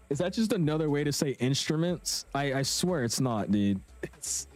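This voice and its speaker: A man's voice: a little high, lively intonation, moderate pace, faint music behind. A young man chatting casually with viewers on a live stream, slangy and talkative. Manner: chatty, slangy, reads chat aloud. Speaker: flight sim streamer.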